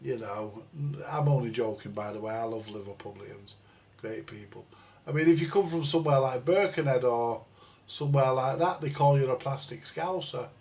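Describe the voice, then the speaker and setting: Swearing freely, a middle-aged English livestream host rambles and rants bluntly in casual chat. He has a darkish, mid-range voice at a moderate pace, recorded on a live stream microphone.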